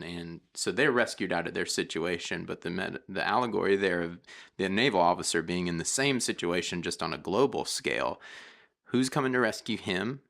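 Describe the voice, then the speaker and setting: A man's voice: sits low, gravelly, sharp tone. A man co-hosting a podcast, chatting casually and throwing in dramatic jokes and asides. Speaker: podcast co-host.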